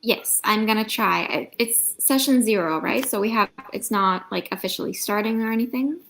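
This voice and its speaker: A woman's voice: mid-range voice, normal speed, fairly bright tone, poor audio. A woman chatting casually on a livestream video call, apologetic and giggly, sitting in a sunlit room at home. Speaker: livestream guest. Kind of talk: casual chat on a writing livestream.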